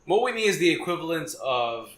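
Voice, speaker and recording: A man's voice: a little high, big pitch swings, fairly quick, a bit bright, reverberant. A man co-hosting a podcast, teasing and wisecracking in casual chat. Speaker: podcast co-host.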